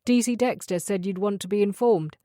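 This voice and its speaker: A woman's voice: mid-range voice, brisk, mellow, no room sound, clean studio sound, natural voice. A woman voicing a hesitant, officious young male police officer in an audiobook thriller.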